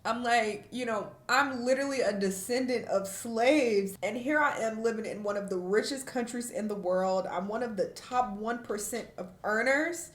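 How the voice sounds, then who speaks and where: A woman from the United States talking frankly and reflectively to camera in a vlog, with fillers and emotional pauses, tearful at times. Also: a little high, roomy sound. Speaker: vlogger.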